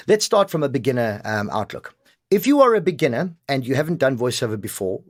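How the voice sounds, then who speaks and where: A man's voice: fairly high pitch, no echo, studio quality. A middle-aged man, a voice coach talking emphatically in a podcast conversation. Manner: animated, emphatic, quick to act out examples. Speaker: voice artist and coach.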